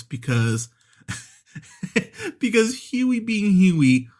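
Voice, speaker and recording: A man's voice: medium pitch, a little slow. A man hosting a movie podcast, reviewing an episode in a casual, chatty way with frequent laughs and fillers. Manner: chatty, laughs often, many fillers and restarts.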